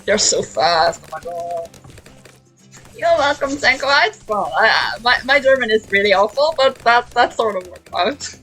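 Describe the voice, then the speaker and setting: A woman's voice: fairly high pitch, lively intonation, normal speed, fairly bright tone, poor audio. A young woman streamer chatting casually while playing a video game, giggly and repeating words as she thinks. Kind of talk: casual gaming stream chat. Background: faint game music.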